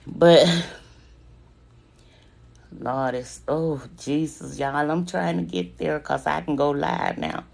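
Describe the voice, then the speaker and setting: A woman's voice: low voice, animated, slow, vocal fry, pauses often, a little mellow. A woman telling her own survival story live to her viewers. She speaks with emotion, holds back tears, and calls her listeners "y'all" and "babies.". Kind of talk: live-stream personal storytelling.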